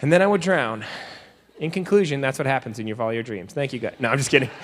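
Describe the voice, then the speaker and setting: A man's voice: mid-range voice, fast, a little hiss or hum. A man giving a comedic motivational speech to students, joking and acting out little scenes as he tells them. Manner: joking, animated storyteller who acts out scenes. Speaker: motivational speaker. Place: large convention hall. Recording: reverberant convention hall.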